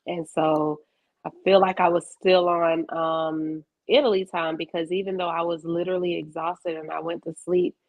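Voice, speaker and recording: A woman, co-hosting a casual podcast chat and telling stories with animated, acted-out quotes. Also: moderate pace, no echo. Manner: animated storyteller, voices quotes with big pitch jumps. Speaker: podcast co-host. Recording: dull lo-fi sound.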